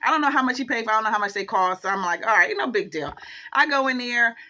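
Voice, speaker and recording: A woman with a bright, forceful voice pitched a little high tells a storytime to her channel. She chats loosely, full of fillers and asides, and acts out the dialogue as she goes. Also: expressive, fast. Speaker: vlogger. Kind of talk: casual storytime.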